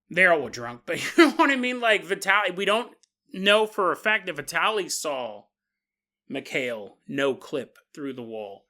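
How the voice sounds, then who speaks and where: Bright, high-voiced male storyteller. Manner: animated, chuckling, conversational asides. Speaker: podcast host. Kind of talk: casual storytelling narration.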